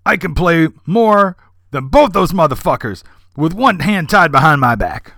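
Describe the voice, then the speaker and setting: A man putting on the voice of a cocky, profane male bandleader who talks in loud, swaggering bluster. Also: fairly high pitch, big pitch swings, a little slow, gravelly, dry recording, clean studio sound, voice pushed up, heavily acted. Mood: boastful.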